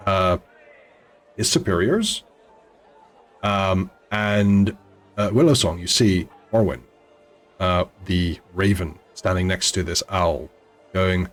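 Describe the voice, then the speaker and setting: A man narrating a tabletop game as game master, halting and full of restarts. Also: low-pitched.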